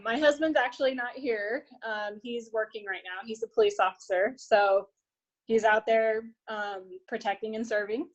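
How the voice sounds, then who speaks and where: A woman's voice: fairly high pitch, highs cut off. A woman in her thirties, a health coach and nurse, sharing tips in a friendly, hesitant way with many fillers. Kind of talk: sharing tips on a group call.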